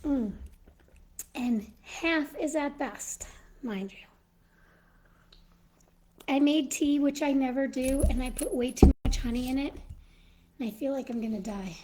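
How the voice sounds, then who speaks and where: A woman hosting a casual live stream, short of breath and slowed by illness, talking haltingly with many pauses and fillers into a phone. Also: high-pitched, mellow, low-quality recording. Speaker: live stream host in a Mrs. Claus persona.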